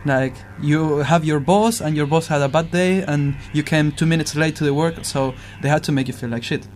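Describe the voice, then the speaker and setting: A man's voice: fairly high pitch, steady tone, moderate pace, darkish tone, a little hiss or hum. A musician chatting casually and earnestly, searching for his words and asking rhetorical questions. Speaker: musician in conversation. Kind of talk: casual reflective chat.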